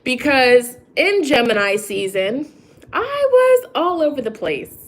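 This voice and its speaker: A woman's voice: sits high, big pitch swings, slow pace, rough recording. A young woman rambling and confiding in a casual vlog, often restarting her sentences and laughing. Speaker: tarot reader and vlogger. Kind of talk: casual chat to camera.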